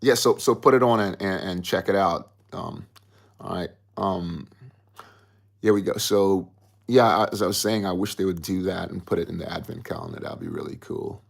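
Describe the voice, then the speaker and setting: A man's voice: low voice, very animated, moderate pace, creaky. A man hosting a casual livestream, rambling and chatty as he reads out viewer comments. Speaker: livestream host.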